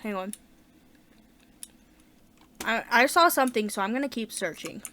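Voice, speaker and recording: एक महिला अपना गेम खेलते हुए बातचीत के अंदाज़ में कमेंट्री करती है, ज़ोर से सोचती है और बीच-बीच में उत्साह से उछल पड़ती है।. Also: female voice, on the high side, normal speed, long pauses, no room sound. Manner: chatty, thinks aloud, bursts of excitement. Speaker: gaming channel host. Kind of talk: casual let's-play commentary.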